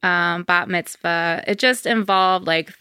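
A woman talks through her career as a podcast guest. Her voice is bright and very crisp, slightly low, and the room sounds dry. She rambles casually, with plenty of "um" and "like" fillers. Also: takes it slowly, dry recording. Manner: chatty, many fillers like um and like. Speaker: podcast guest, wedding planner. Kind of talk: casual interview.

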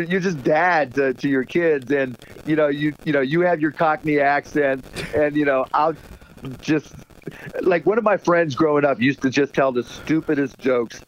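A man's voice: fairly high pitch, lo-fi sound. A middle-aged man chatting as a guest on a radio show, rambling with lots of fillers and laughing often. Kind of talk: casual radio interview chat.

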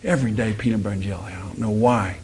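A man voicing a slow, plain-spoken construction worker from Georgia with a Southern drawl in a told joke. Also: lowish voice, darkish tone, slight background noise, natural voice. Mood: glum.

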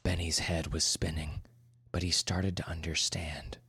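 A man narrating a horror story in a measured, dramatic way, sometimes dropping to a whisper. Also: low-pitched, little pitch movement, a crowd in the background. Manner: measured, dramatic, drops to a whisper for tense moments. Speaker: podcast host and story narrator. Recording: narration over clear music.

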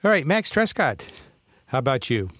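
A man's voice: mid-range voice, sing-song, moderate pace, fairly bright tone, no room sound, clean studio sound. A man hosting a podcast, running through the closing plugs in a friendly way and handing off to each co-host. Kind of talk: casual podcast outro.

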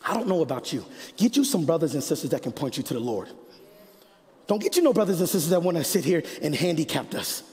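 A man preaching a sermon as pastor, swinging from loud, rising passages to hushed, quiet stretches. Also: fairly high pitch, sing-song, fast, big-room sound.

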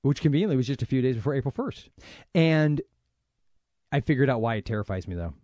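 Jokey Southern man, lively pitch. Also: fast talker, dry recording, clean studio sound. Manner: jokey, laughs often, rambling. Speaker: podcast co-host. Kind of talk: casual chat.

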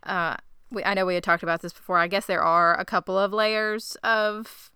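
A woman's voice: mid-range voice, steady tone, normal speed, sharp tone, clear, resonant tone, no echo, studio quality. A woman co-hosting a podcast, casually recapping a TV episode with asides and fillers. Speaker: podcast co-host. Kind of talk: casual chat.

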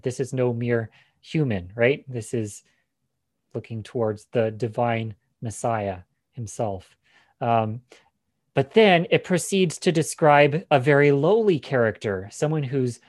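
A man teaches through a scripture passage in an explanatory lecture style, pausing on ums and restarting phrases. His voice sits at a middle pitch. The recording is dry and close, with no room sound. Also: a little mellow, no room sound. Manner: explanatory, frequent fillers and restarts. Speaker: Bible teacher.

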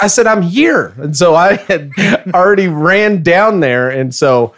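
Animated laughing man telling a story. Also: high-pitched, a little slow. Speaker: podcast co-host. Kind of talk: casual storytelling chat.

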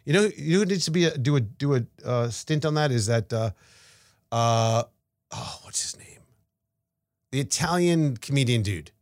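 A man co-hosting a podcast chats casually about markets in a mid-range voice at normal speed, rambling, restarting with stammers, repeating words, and staying animated. The recording is studio quality with no room sound.

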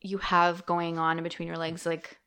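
Young nonbinary podcaster, chatty and giggly, says like a lot, medium pitch voice. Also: monotone, normal speed, sharp tone, slight background noise. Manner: chatty, giggly, lots of "like" fillers. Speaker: podcast co-host. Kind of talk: casual chat.

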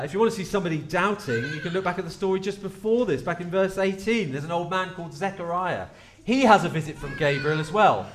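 A man preaching a lively sermon at a carol service, chatty and playful as he talks straight to the congregation. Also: high voice, slight background noise. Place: church.

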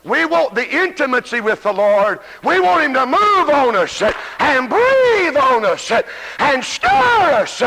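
A very high, sharp-toned male voice belongs to a Southern American evangelist giving an emphatic revival sermon in a church sanctuary. He stammers when restarting and calls out to his listeners; the live recording has long reverb.

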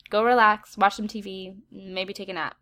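Woman reading as a gentle male team leader. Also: mid-range voice, flat delivery, moderate pace, lightly acted. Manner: gentle and reassuring.

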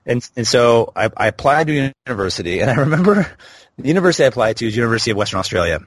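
A man's voice: medium pitch, very animated, rapid-fire, slight background noise. A man in his thirties, a podcast guest, candidly telling a personal story in a reflective way. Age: 30s. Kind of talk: storytelling interview.

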